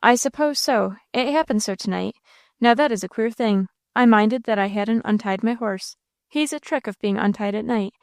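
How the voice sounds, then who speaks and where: A woman doing a rough, deep-voiced country farmer. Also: dry recording, studio quality, close to an everyday voice. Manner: homespun country dialect, blunt. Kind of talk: audiobook character reading.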